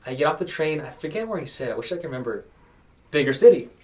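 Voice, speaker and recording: A young man from New Mexico talks casually on his podcast and tells stories, slipping into the voices of the people he quotes. His voice sits a little high. He is a bit far from the microphone. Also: very animated, quick pace, darkish tone. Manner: storytelling, acts out quoted people. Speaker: podcast host. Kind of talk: casual chat.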